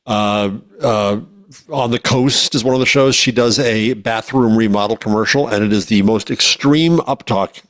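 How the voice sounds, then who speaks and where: A man's voice: on the low side, normal speed, a bit bright. A man co-hosting a casual panel chat, grumbling and opinionated. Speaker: podcast co-host.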